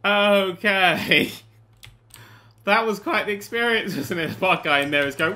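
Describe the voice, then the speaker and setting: Bright, excitable man doing game commentary. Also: high-pitched, a little slow. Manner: excitable, laughs and swears often. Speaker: gaming channel host. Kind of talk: let's play commentary.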